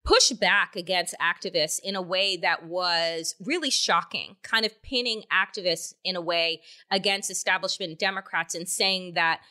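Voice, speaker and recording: A woman's voice: lowish voice, steady tone, normal speed, few pauses, pushed and bright. A woman hosting a political podcast, delivering angry, emphatic commentary with heavy swearing and rhetorical questions. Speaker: podcast host. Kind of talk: opinionated political commentary with profanity.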